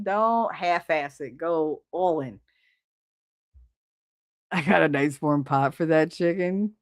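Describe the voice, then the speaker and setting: A woman's voice: fairly low pitch, no room sound, studio quality. A middle-aged woman hosting a live stream, chatting casually and bluntly, swearing freely while she reads viewers' comments.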